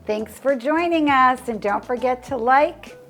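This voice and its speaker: A chatty woman hosts a relaxed cooking demonstration from her home kitchen and laughs easily. Music plays clearly behind her voice. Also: sits high, measured pace. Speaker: cooking show host. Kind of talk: casual cooking demo.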